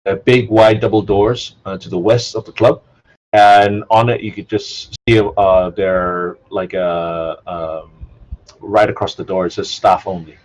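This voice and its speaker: A man narrating a tabletop game as game master, pausing often with fillers. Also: low-pitched, little pitch movement, darkish tone, muffled recording. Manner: halting, filler-heavy narration.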